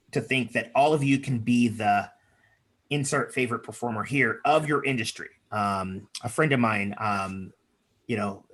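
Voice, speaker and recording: A man's voice: medium pitch, fairly bright tone, slightly rough. A man leading an online speaking workshop, chatty and encouraging, with lots of fillers, over a video call. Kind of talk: workshop talk with improv exercises.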